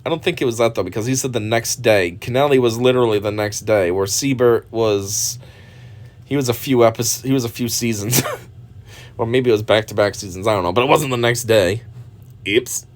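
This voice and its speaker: A man's voice: medium pitch, a little fast. A man hosting a reaction video, giving casual, profane, mocking commentary and laughing often.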